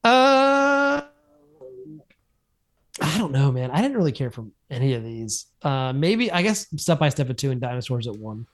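A man's voice: mid-range voice, sing-song, normal speed. A man co-hosting a podcast, chatting in a laid-back, opinionated way and often repeating his words. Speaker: podcast co-host. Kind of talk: casual recap chat.

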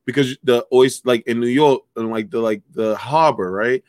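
A young adult man co-hosting a podcast in casual chat, rambling, profane and excitable. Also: medium pitch, moderate pace, dry recording, studio quality. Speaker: podcast co-host.

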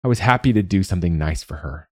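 A man voicing a tall, lonely younger man who speaks quietly and calmly. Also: sits low, fast talker, no echo. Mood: firm. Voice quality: quiet, soft-spoken.

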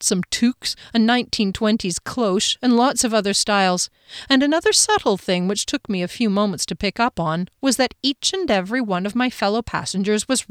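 In clean studio audio with no echo, a female audiobook narrator tells a first-person story. Her medium-pitched delivery is chatty and wry.

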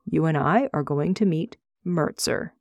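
A woman voicing a frail, quiet old man who speaks slowly and calmly in an audiobook reading. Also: low-pitched, no echo, highs cut off, exaggerated voice.

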